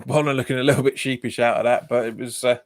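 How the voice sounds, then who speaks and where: Hosting a live football watch-along for his fan channel, a man reacts to the play, reads out viewer comments, responds to them and laughs frequently. He talks fast in a mid-range voice with a steady tone. The recording is dry and studio quality.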